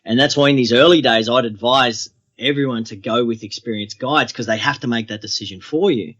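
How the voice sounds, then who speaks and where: A man, a guest on an interview podcast, telling adventure stories in a relaxed, steady way. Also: mid-range voice, brisk, highs cut off.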